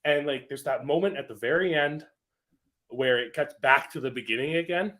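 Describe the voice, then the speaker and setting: Brief: young man, podcast co-host, bright and enthusiastic, shifts voice for quotes. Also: fairly high pitch, moderate pace. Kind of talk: casual movie chat.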